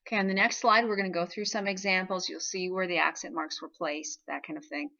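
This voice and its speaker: A woman with a bright, forceful voice talks through a recorded video lesson. She explains step by step and keeps checking in with "okay?". The recording sounds dull and lo-fi. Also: fairly low pitch, steady tone, a little fast, creaky. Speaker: Spanish teacher.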